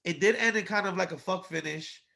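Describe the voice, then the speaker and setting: A man co-hosting a podcast, chatting casually and bluntly about a wrestling show, animated and quick to mock. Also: sits high, creaky. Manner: blunt, animated, swears, mocking. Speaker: podcast co-host. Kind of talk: casual wrestling review chat.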